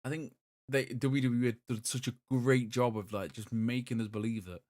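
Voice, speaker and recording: A man, co-hosting a podcast in casual, excitable chat full of swearing and restarts. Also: mid-range voice, moderate pace, no room sound, studio quality. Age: 30s. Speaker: podcast co-host.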